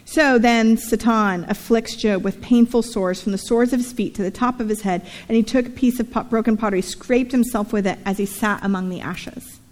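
A woman's voice: a little high, fairly even intonation, fairly quick, hardly any pauses, darkish tone, big-room sound. A woman pastor preaching a sermon in a synagogue, telling a story with playful asides and reading scripture aloud.

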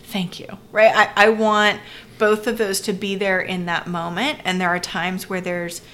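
A woman's voice: mid-range voice, flat delivery, moderate pace, sharp tone, slight background noise. A woman, a pastor co-hosting a podcast, explaining earnestly and often checking in with "right?". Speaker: pastor and co-host. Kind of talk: conversational podcast discussion.

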